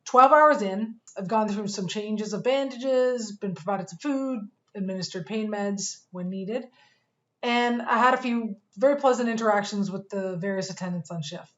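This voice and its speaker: A woman teaching a course for fitness coaches, telling a personal story in an earnest, measured way with pauses. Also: medium pitch, muffled recording.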